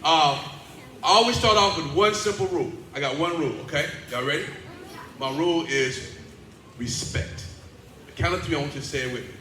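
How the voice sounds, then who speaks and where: High, bright-voiced man leading an echoey school assembly. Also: fast talker. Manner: playful, animated, coaxing children to answer back. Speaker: motivational speaker and teaching artist. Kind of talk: energetic school assembly talk with call-and-response. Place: large indoor school hall. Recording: echoey hall with faint background noise.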